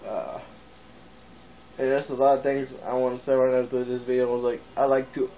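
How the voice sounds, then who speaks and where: A man's voice: mid-range voice, flat delivery, fairly quick, warm tone, low-quality recording. A man in his twenties, rambling casually in a vlog and laughing often. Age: 20s. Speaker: vlogger.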